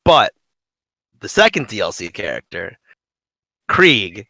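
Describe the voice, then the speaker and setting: A man co-hosting a casual gaming podcast, talking in a rambling, animated way with many fillers. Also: on the low side, takes it slowly, gravelly, dry recording, poor audio. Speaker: podcast co-host.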